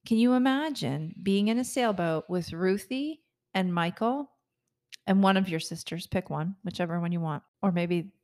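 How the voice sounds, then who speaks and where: Speaking at an ordinary pace in a lowish, darkish voice, a female podcast co-host chats casually. She tells stories and laughs frequently.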